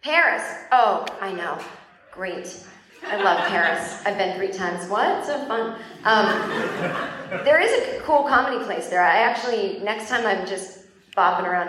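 A woman's voice: medium pitch, normal speed. A woman in her forties doing stand-up comedy and chatting with the crowd in a rambling, self-deprecating, profane way. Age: 40s. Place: comedy club stage. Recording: very echoey club with noise.

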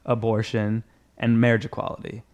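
A man's voice: medium pitch, normal speed. Man in his thirties telling a story. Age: 30s. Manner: storytelling, animated, jokey. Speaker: podcast guest. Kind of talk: casual chat.

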